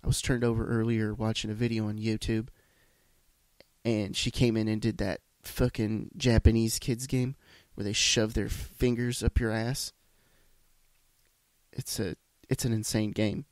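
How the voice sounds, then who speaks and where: A man's voice: lowish voice, little pitch movement, unhurried, a little mellow, no echo. A man hosting a solo podcast, congested from a sinus issue, rambling in a profane, self-deprecating way. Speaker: podcast host. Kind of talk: solo casual monologue. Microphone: podcast microphone.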